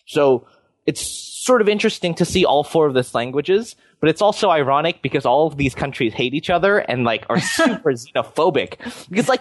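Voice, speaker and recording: A man's voice: on the high side, no echo. Young canadian guy rambling on a podcast, tons of likes and you knows, dry sound. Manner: rambling, filler-heavy, lots of "like" and "you know". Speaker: podcast host. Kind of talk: casual chat.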